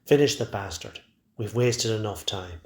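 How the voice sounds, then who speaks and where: A man's voice: on the low side, normal speed, close to an everyday voice. A man voicing a jeering young male thug, taunting and cruel. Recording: roomy echo.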